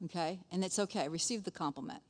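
A woman's voice: on the low side, quick pace. A middle-aged woman teaching a conversational Bible lesson in a chatty way, often checking in with her listeners.

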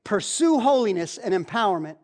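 An animated, brisk woman preacher delivers her sermon with fervor, repeating its key phrases. She alternates between loud, emphatic outbursts and low, whispered asides.

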